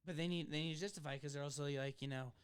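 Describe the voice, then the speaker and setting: A man hosting a comedy podcast, talking in a loose, rambling way with many fillers and restarts. His voice sits slightly high, and it comes through clear and smooth. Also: steady tone, very fast. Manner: rambling, filler-heavy, argumentative. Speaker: podcast host. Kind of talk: casual comedy chat.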